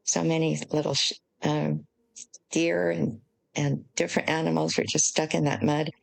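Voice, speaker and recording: An older American woman with a low voice and a gravelly edge explains her points at length as an interview guest. She speaks in an earnest, measured way. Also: level tone, rough recording. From United States. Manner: earnest, emotional at times, measured.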